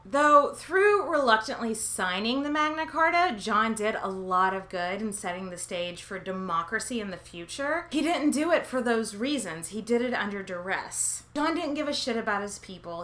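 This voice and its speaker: A woman hosts a history podcast in a bright, lively voice that leaps up and down in pitch. She delivers a scripted comic monologue full of sarcasm and swearing. She often breaks into dramatic asides and silly quoted voices. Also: moderate pace, hardly any pauses. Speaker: podcast host.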